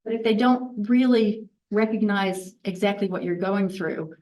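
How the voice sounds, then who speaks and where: A woman's voice: mid-range voice, a little slow, darkish tone, far from the mic, low-quality recording. A woman of about sixty, a physician, gives a candid, chatty conference talk full of restarts and self-deprecating asides. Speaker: physician presenter.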